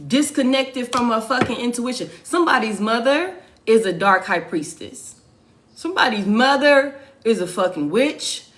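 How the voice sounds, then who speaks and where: A woman with a slightly high, expressive, somewhat bright voice speaks unhurriedly over slight background noise. She's a tarot reader giving a casual reading, swearing freely and emphatically repeating her points.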